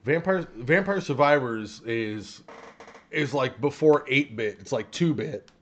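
A man's voice: medium pitch, expressive, measured pace, fairly bright tone, dull audio. A man co-hosting a casual podcast, rambling and swearing with lots of laughter. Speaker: podcast co-host. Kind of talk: casual banter.

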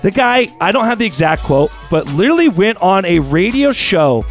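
High-voiced man hosting a sports talk show. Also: moderate pace, faint music behind. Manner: chatty, leads the topics, animated.

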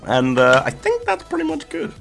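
A man's voice: high voice, wildly swooping pitch, normal speed, gravelly, fairly bright tone, faint music behind. A man hosting a solo movie podcast, chatting casually and laughing often. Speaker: podcast host.

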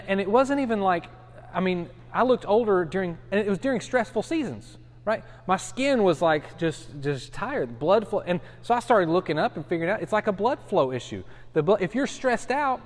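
A man in his thirties, a pastor teaching a Bible study in a conversational, self-deprecating way with frequent restarts. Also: high-pitched. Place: church study. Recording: long hall reverb.

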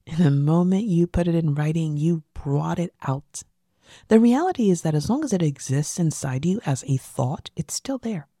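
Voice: medium pitch, vocal fry, dark tone, dry recording, studio quality. A podcast host giving a motivational monologue, emphatic and repeating key phrases, sometimes dropping into a whisper for emphasis.

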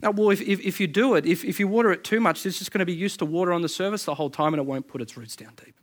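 A man preaching a sermon as pastor, animated and repeating words as he builds to his points. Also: high voice, rapid-fire. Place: church service.

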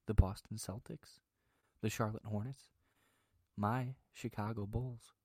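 A man voicing a calm male public-radio announcer, speaking softly and slowly in a soothing way. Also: on the low side, dry recording. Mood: hushed, soothing. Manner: soft, slow, soothing delivery.

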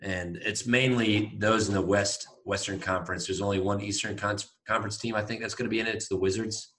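A man's voice: fairly low pitch, steady tone, a little fast, fairly bright tone, slight background noise, poor audio. Upbeat rambling podcast guy. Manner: chatty, upbeat, rambling news rundown. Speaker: podcast co-host. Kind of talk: casual chat.

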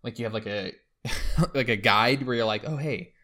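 A man's voice: lowish voice, fairly even intonation, moderate pace, pushed and bright. Rambling young man, casual podcast host. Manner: rambling, lots of fillers like "like" and "you know". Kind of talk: casual chat.

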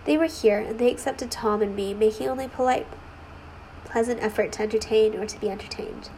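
A woman reads a classic novel aloud in a fairly high voice. She marks dialogue with small rises instead of putting on separate characters. A faint hiss of noise sits under the recording. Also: fairly quick, darkish tone, rough recording. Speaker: reader. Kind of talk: audiobook-style reading of a novel.

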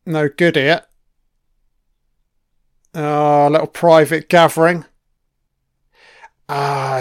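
A man talks over an episode in loose, sweary commentary, reacting to each scene as it plays. His voice sits a little high and clear, with a slow, easy delivery. The recording is close and dry. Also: a bit bright, no room sound. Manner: sweary, chatty, reacting to the screen. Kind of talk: casual film commentary.

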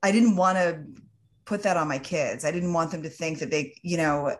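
Woman, podcast host, slightly low voice, earnest, emphatic, filler-heavy casual talk. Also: moderate pace. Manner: earnest and emphatic, many fillers like "you know, like". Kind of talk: casual conversational chat.

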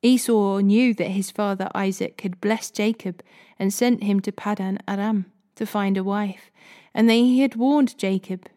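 A woman reading scripture aloud in a steady, expressive way. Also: medium pitch, a little slow. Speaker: Bible reader.

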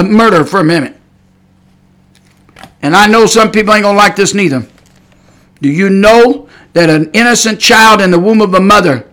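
A man preaching a fiery sermon on a podcast, shouting and repeating his points for emphasis. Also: high voice.

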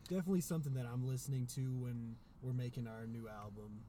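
A man's voice: mid-range voice, expressive, quick pace, mellow, a little hiss or hum. A man co-hosting a casual podcast chat, easygoing and slangy. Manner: easygoing, says "bro" and "man". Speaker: podcast co-host, musician. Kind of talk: casual chat among friends.

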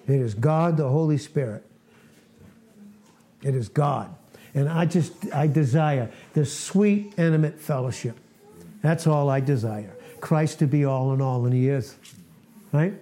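A man's voice: a little high, mellow. A man in his late sixties giving an informal, earnest sermon to a small fellowship. He talks in a folksy, self-deprecating way and repeats himself. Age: 60s. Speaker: preacher.

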